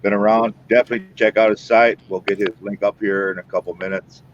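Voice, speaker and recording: A man's voice: lowish voice, steady tone, quick pace, slight background noise. A man hosting a live stream in a casual, folksy and emphatic way. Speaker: paranormal show host. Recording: muffled lo-fi stream audio.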